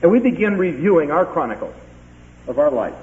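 A man preaching a sermon, retelling a Bible story in an animated way and briefly acting out the characters' lines. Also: a little high, brisk. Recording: tinny phone-like sound.

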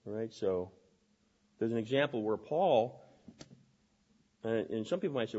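A man preaching a sermon, talking fast and often restarting his phrases. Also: on the low side, animated, darkish tone, highs cut off.

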